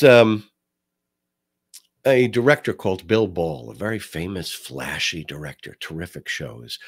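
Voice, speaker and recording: A man hosting a talk show, giving casual political commentary with a swooping, animated delivery and frequent restarts. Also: deep voice, gravelly, husky, dry recording, studio quality.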